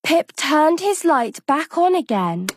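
A woman reading a children's bedtime story aloud in a slow, expressive, sing-song way. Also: high-pitched, no echo, clean studio sound. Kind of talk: scripted bedtime story narration.

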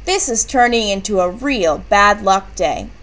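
A woman voicing a young schoolgirl having an unlucky day, speaking softly and glumly in a storybook reading. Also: mid-range voice, lively intonation, a little slow. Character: unlucky schoolgirl, glum and sighing.

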